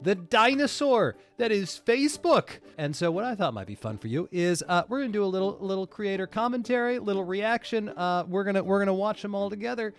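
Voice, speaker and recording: A man's voice: sits high, lively intonation, a little fast, hardly any pauses, soft background music. A man hosting his own creator commentary, chatty and joking as he reacts to his videos. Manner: jokey, chatty asides.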